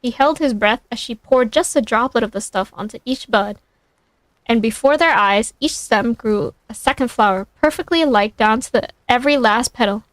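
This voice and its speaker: A woman's voice: on the high side, no room sound. Woman streamer reading a story aloud. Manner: reads aloud with quick self-corrections. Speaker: streamer reading fan fiction.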